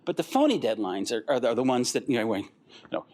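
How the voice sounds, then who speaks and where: An older man giving a conference talk, animated and rambling, acting out the voices of the people in his stories. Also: mid-range voice, fast. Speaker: guest speaker.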